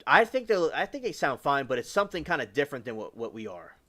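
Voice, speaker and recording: A man's voice: medium pitch, big pitch swings, fast talker, a bit bright. A man from the US South hosting a livestream, rambling casually with lots of fillers and restarts. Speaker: livestream host.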